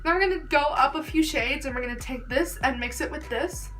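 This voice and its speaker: A woman's voice: high-pitched, fairly quick, fairly bright tone, faint music behind. A young woman chatting casually through a makeup tutorial, gushing and filling her talk with "like.". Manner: chatty, gushing, filler-heavy "like". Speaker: beauty vlogger.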